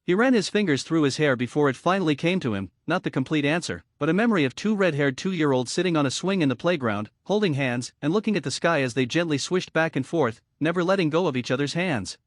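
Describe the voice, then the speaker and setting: A man giving steady, even scripted narration of a fan-fiction story. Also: a little high, fast talker, few pauses, no room sound, studio quality.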